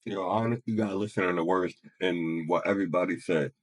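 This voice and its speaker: A man with a fairly low, husky voice talks over a clip in casual reaction commentary. He is blunt and profane, breaking into laughs between remarks. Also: fairly even intonation, fast talker. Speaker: reaction streamer.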